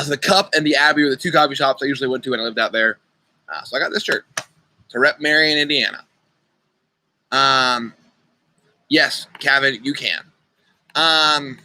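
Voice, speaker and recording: Bright-voiced young man hosting riddles. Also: medium pitch, rough recording. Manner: chatty, playful, talks to kids by name. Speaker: youth group leader. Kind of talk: casual online riddle game. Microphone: computer mic on a video call.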